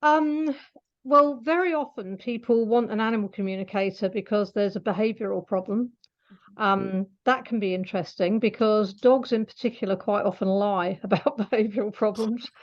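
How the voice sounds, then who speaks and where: A woman's voice: medium pitch, normal speed. Chatty woman, lo-fi sound. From Scotland. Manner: chatty, laughs often, explains patiently. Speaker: animal communicator guest. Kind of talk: casual interview talk.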